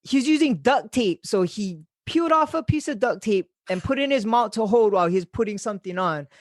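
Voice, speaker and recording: Animated, swearing podcast host. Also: male voice, sits high, brisk, no echo, studio quality. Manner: animated storyteller, swearing, laughing through quotes. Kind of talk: casual storytelling chat.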